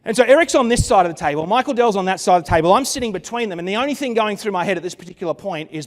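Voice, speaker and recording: A man's voice: high-pitched, animated, racing, hardly any pauses, in a large hall. A man giving a conference keynote, telling a story dramatically with wry asides into a stage microphone. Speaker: keynote speaker. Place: conference venue.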